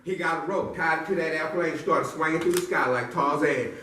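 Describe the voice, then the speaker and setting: A male storyteller spins a silly tale with playful build-ups and questions thrown to the audience, his voice bright and a little high. He sounds distant, in an echoey room with faint background noise. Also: brisk. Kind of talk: animated storytelling to a live audience.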